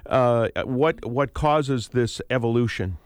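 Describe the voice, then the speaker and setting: A male radio show host interviewing a guest in a studio, relaxed and conversational. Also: medium pitch, slow pace, smooth, no room sound. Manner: relaxed, conversational, frequent uh fillers. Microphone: studio microphone, close and dry.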